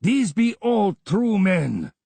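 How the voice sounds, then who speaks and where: A man's voice: high-pitched, big pitch swings, slow, creaky, warm tone, husky, no room sound, voice pushed up, exaggerated voice. Man putting on a panting, frantic wounded tribesman. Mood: earnest. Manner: panting, babbling, fearful.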